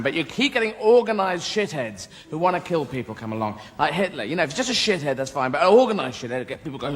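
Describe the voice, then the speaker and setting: A man's voice: on the high side, sing-song, racing, few pauses, fairly bright tone. An English man doing live stand-up comedy on stage, rambling animatedly and jumping in and out of voices. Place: theatre stage, live audience. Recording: echoey hall, noisy live room.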